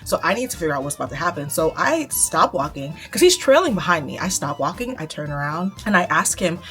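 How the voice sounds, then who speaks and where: A woman's voice: fast talker, soft background music. Chatty young woman telling a story. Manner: animated, laughs while retelling, lively pitch jumps. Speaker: vlogger. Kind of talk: casual storytelling while getting ready.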